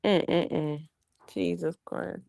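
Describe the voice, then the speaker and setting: Young mom talkin to her stream, low gravelly voice, super dry, laid back chat. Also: fairly even intonation, extremely slow, mellow, dry recording. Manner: chatty, talks to viewers while burping a baby. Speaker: livestreamer. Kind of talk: casual livestream chat.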